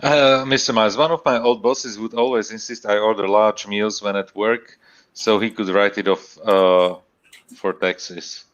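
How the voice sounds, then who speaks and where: A man's voice: on the low side, fairly even intonation. A man in casual chat on a live stream, reading the chat aloud with hesitant starts. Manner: hesitant, unhurried. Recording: dull lo-fi sound.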